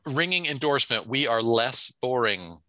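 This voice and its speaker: A man co-hosts a casual podcast, reading listener comments aloud and adding dry asides. His voice is bright and lively, rising and falling a lot. The recording is close and dry. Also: mid-range voice, normal speed, dry recording. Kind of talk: casual chat.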